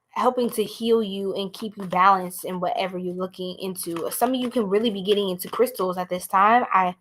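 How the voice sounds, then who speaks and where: A woman with a New York accent giving a blunt, animated live tarot reading, talking straight to her viewers. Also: mid-range voice. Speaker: tarot reader.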